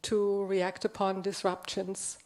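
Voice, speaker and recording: A woman speaking as a conference panelist in a measured way, with many hesitations. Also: mid-range voice, flat delivery, darkish tone. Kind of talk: panel discussion.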